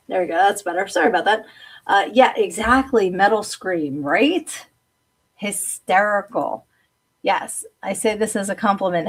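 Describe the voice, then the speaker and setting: A woman hosting a live stream in a casual, chatty way, reading viewer comments aloud and laughing often. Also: mid-range voice. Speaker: host.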